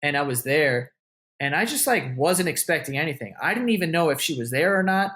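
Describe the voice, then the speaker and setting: A man's voice: on the high side, lively intonation, a little fast, pushed and bright. A man as an interview guest, telling a story in a casual, loose way, full of "like" and "you know", with a lot of swearing. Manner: acts out what others said with a raised voice. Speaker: interview guest, content creator.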